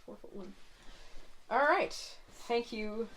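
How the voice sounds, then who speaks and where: Brisk woman hosting game night. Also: a little high, fairly bright tone, low-quality recording. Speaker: session host introducing players. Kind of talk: casual game-night chat.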